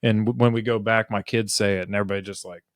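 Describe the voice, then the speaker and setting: A man's voice: lowish voice, steady tone, racing, no echo, studio quality. A man from Ohio co-hosting a podcast, telling rambling stories full of "like.". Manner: rambling storyteller, many fillers like "like". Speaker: podcast co-host. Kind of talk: casual conversation.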